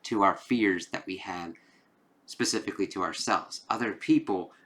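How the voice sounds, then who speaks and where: A man's voice: low-pitched, moderate pace, a bit bright. A man giving a casual, rambling comic book review, swearing now and then. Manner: rambling, loose, with swearing and filler phrases.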